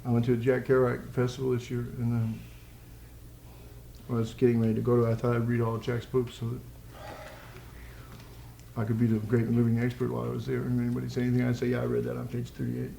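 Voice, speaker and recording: A man's voice: medium pitch, monotone, fast, vocal fry, long pauses, dark tone, a little hiss or hum. A man giving a live poetry reading with playful, rambling asides, chuckling between lines. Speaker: poet. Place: college social room with audience. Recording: echoey live room recording.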